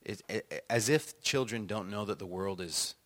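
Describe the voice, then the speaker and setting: Low-voiced man telling lively stories. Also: normal speed. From United States. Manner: animated, acts out quotes, laughs often. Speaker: author and songwriter guest. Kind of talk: conversational storytelling.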